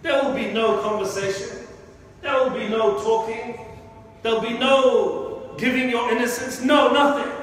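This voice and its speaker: A man's voice: extremely high pitch, steady tone, measured pace, a bit bright, a little hiss or hum. A man, an imam delivering an impassioned, emotional sermon in a mosque hall. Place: large mosque prayer hall. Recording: echoey hall from far off.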